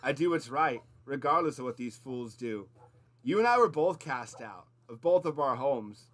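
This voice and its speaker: A man's voice: medium pitch, lively intonation, normal speed, a bit bright, natural voice. A cocky, flippant male rogue, as a game master puts him on at a tabletop game. He banters in loose slang and shrugs off every threat.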